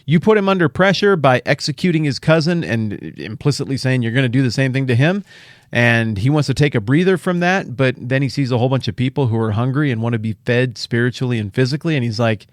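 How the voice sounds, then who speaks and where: A middle-aged man hosting a podcast, teaching the Bible in a casual, animated way with jokey asides and playful paraphrases. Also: medium pitch, a little fast, no echo, studio quality.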